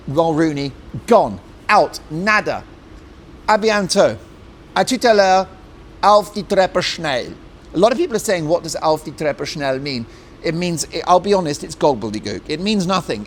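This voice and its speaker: A middle-aged man hosting an opinionated talk show monologue, mocking and animated, breaking into jokey put-on voices. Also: fairly high pitch, slight background noise. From Britain.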